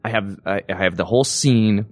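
A young man, an actor guest, telling animated stories with many restarts in a casual interview. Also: fairly low pitch, fairly quick, no echo, clean studio sound. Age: young adult. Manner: animated anecdote teller, frequent restarts.

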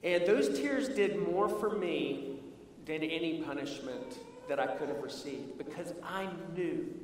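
A man preaching a sermon, telling a personal story and slowing down for earnest emphasis. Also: on the high side, animated, a little hiss or hum. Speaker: pastor. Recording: echoey hall from far off.

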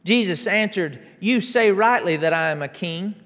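A man preaching a sermon, emphatic, stacking repeated declarations that build up to shouts during a church service. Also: high voice, normal speed. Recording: long reverb of a large hall.

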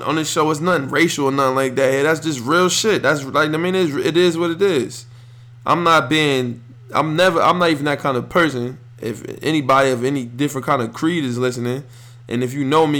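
Blunt, animated male sports podcast host. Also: fairly high pitch. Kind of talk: casual sports talk.

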